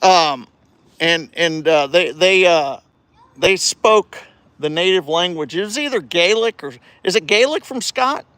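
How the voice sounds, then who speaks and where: A man casually livestreaming from a residential street, cheering a child on and rambling with halting restarts into his phone. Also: sits high, lively intonation, a bit bright, dry recording. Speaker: vlogger livestreaming. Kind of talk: casual live-stream chat.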